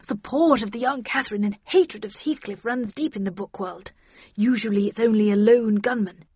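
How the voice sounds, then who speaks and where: A woman voicing a stern old woman agent who speaks briskly and grimly. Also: mid-range voice, a little mellow, husky, highs cut off, close to an everyday voice. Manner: brisk and grim.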